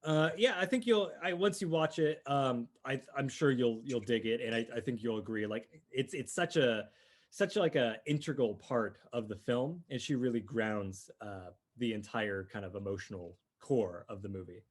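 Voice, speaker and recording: A man's voice: mid-range voice, moderate pace. A man co-hosting a podcast, chatting casually and enthusiastically about films, often restarting his sentences. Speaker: podcast co-host. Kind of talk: casual movie review chat.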